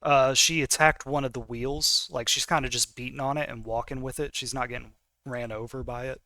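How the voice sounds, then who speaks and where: A man's voice: medium pitch, steady tone, brisk, bright, forceful tone, no room sound. A man narrating a tabletop game as game master, casual and full of fillers. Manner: casual, many fillers while reading rules.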